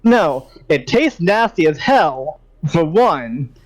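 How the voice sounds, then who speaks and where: A man's voice: fairly high pitch, very animated, slow pace, dry recording, low-quality recording. A man co-hosting a podcast, ranting in an exasperated way, swearing and leaning on "like". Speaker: podcast co-host. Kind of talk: profane ranting podcast chat.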